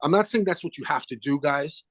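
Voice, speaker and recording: An older man, a guest musician chatting in an interview, animated and acting out the people he quotes. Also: a little high, a little fast, no echo. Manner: animated storyteller, acts out phone calls in quoted voices. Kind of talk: casual interview chat.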